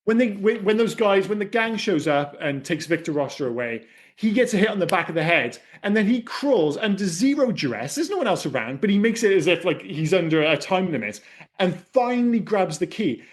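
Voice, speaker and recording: A man's voice: high-pitched, sing-song, a little fast. A man on a film podcast, ranting and swearing casually as he picks apart a movie. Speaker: podcast host. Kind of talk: casual film-review chat.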